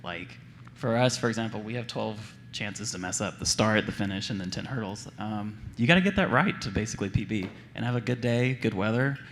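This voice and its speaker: A man, a hurdler, answering at a press conference in a measured, explanatory way. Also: lowish voice, a bit bright, in a large hall, a little hiss or hum.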